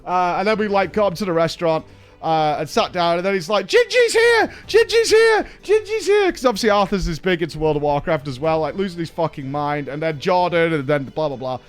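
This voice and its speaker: A man streaming, telling a story in a casual, animated way, swearing and laughing along. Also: a little high, fast talker, smooth, soft background music.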